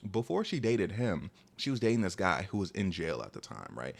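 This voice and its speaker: Fast-talking young man telling a story. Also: sits low, vocal fry. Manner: animated, rambling, heavy use of "like". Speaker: storytime vlogger. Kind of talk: casual storytelling.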